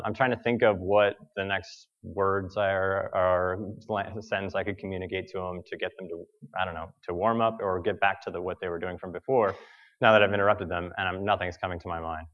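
An American man preaching a sermon, telling a personal story in a halting way with many fillers and restarts. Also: deep voice, highs cut off. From United States.

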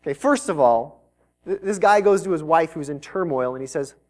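A man's voice: a little high, animated, a little fast, darkish tone. Conversational male pastor preaching live. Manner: conversational, with joking asides to the congregation. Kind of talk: live sermon. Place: church service before a congregation.

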